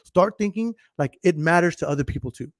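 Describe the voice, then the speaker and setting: A man's voice: fairly high pitch, lively intonation, a little fast, no room sound. A man in his thirties hosting a podcast, talking casually to a live stream, emphatic and profane and often laughing. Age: 30s. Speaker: podcast host. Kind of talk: casual livestream monologue.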